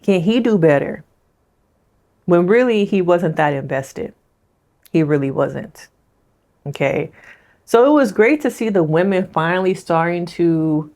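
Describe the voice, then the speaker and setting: A woman's voice: on the low side, animated, measured pace, pauses often, darkish tone. Chatty woman therapist recapping TV. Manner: chatty, addresses viewers directly. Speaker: licensed therapist. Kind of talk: casual reality-show recap commentary.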